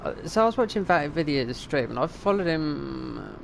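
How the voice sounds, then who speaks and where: This streamer, a middle-aged man, speaks at a moderate pace in a slightly high, sing-song voice with vocal fry. He rambles casually over his gameplay, thinking out loud and occasionally cursing at the game, with a little background noise.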